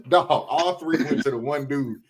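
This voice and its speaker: A man hosting a casual sports podcast, loud and teasing, laughing often as he talks. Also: on the high side, slow, slightly rough. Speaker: podcast host.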